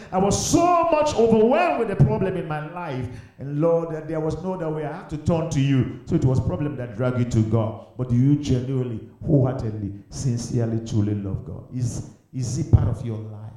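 A man's voice: fairly high pitch, dark tone. A man preaching a fervent sermon, urging listeners with repeated phrases and leading them in prayer. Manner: fervent, repetitive exhortation, breaks into slow song. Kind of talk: sermon with sung worship and altar call. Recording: very echoey room.

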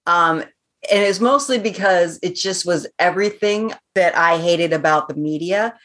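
A woman's voice: lowish voice, moderate pace, a bit bright. A woman of about fifty co-hosting a podcast, talking in a chatty way and laughing often. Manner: chatty, laughs often, says she raises her voice to carry. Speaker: podcast co-host. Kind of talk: casual chat.

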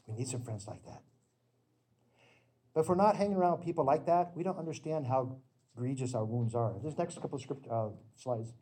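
A middle-aged man preaching a sermon with slides, in an earnest, emphatic storytelling manner that breaks into sudden loud bursts. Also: mid-range voice, fairly quick, a little hiss or hum.

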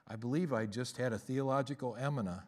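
A male preacher delivering a sermon. He drops low and quiet to tell his stories, then climbs louder and higher to stress his points. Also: fast. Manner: swings from hushed storytelling to loud emphatic declaring. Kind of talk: sermon with storytelling.

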